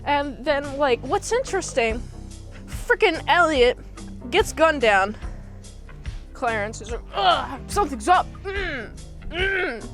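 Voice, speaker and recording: A woman's voice: high-pitched, very animated, slow pace, long pauses, fairly bright tone, faint music behind. A young woman casually recapping a movie, rambling with lots of fillers and popping into goofy impressions of the characters. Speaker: movie reviewer.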